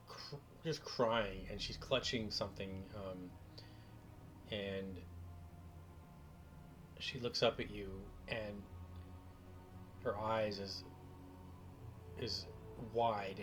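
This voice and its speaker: A man narrating as game master, describing the scene slowly with frequent restarts. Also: lowish voice, steady tone. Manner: slow, halting narration with restarts. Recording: with loud background music.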